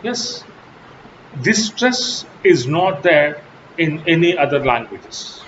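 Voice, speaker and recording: Slow, emphatic male lecturer. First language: Telugu. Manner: slow, emphatic teaching with sharp pitch jumps on key words. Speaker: English lecturer. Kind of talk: recorded college lecture. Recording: dull lo-fi audio with steady background noise.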